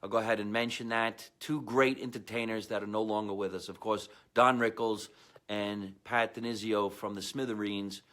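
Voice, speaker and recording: A man's voice: fairly low pitch, normal speed. A man hosting his own comedy show, telling rambling stories with a New Jersey accent and talking straight to his viewers. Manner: rambling, animated storyteller with asides to viewers. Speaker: comedian podcast host. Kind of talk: casual storytelling monologue.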